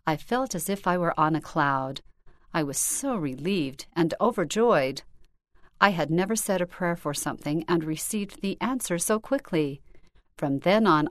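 A woman reading a first-person story aloud as scripted narration, in an earnest, measured delivery. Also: lowish voice, dry recording, clean studio sound. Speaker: reader.

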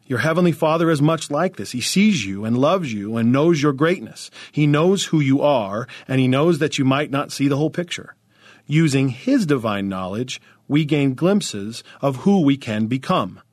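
A man's voice: medium pitch, lively intonation, moderate pace, no room sound. Man narrating in a dry, close voice. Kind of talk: scripted narration.

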